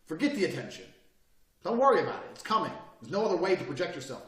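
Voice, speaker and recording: A man lectures in a forceful, profane way, his voice pitched a little high and swinging widely up and down. He sits back from the mic, and the room around him rings with echo. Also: big pitch swings, quick pace, crowd noise. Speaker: self-improvement speaker. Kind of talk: blunt motivational lecture. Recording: echoey room, mic at a distance.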